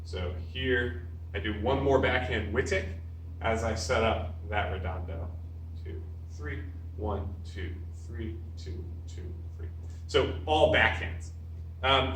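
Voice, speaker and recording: A man's voice: medium pitch, a bit bright, far from the mic. A male martial arts instructor demonstrating stick drills, counting strikes aloud while he moves and explaining as he goes. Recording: roomy echo, voice off-mic.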